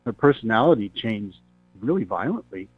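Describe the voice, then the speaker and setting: A man's voice: on the low side, sing-song, slightly rough, dry recording, faint music behind. Talk-show host man, phone-tinny. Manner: conversational, rambling, halting with fillers. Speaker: radio host. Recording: tinny phone-line sound.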